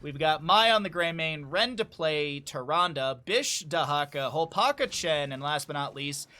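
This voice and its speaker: A chatty young man casts a game solo as an esports caster, his voice fairly high-pitched and a little slow. He jumps from banter to excited play-by-play.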